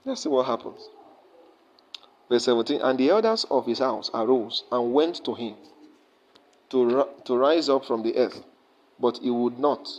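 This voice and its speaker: A man's voice: medium pitch, expressive, moderate pace, long pauses. Male pastor, mid-range voice, mid-sermon, alternating scripture reading with plain retelling. Slightly muffled, lo-fi recording. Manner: reads old-style verses aloud, then retells them plainly, checking in with listeners.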